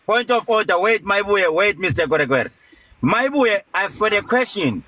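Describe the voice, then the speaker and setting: Debate chair, male, bright and high, commanding and mocking. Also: lively intonation, normal speed, no room sound, low-quality recording.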